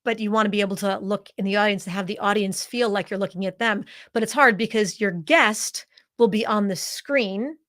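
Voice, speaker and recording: A woman's voice: mid-range voice, fairly quick, fairly bright tone. A woman who hosts a podcast and coaches speakers, giving a live webinar. She talks in a direct, conversational way and repeats key points for stress.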